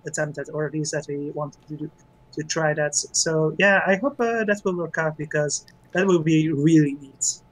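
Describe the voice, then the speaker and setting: A man's voice: fairly high pitch, moderate pace, low-quality recording. A man chatting on a group podcast, a little hesitant but upbeat. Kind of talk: casual group chat.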